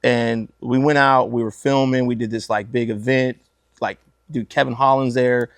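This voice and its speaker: A man's voice: medium pitch, fairly even intonation, moderate pace, no echo. A man hosting a podcast, talking casually and enthusiastically, often saying "man". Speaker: podcast host.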